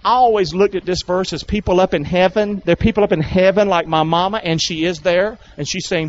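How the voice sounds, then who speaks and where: A man preaching a lively sermon in a large church, coaxing the congregation to answer and join in. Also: sits high, a little fast, few pauses, dull audio, a little hiss or hum. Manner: animated, coaxing calls to the congregation. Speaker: pastor.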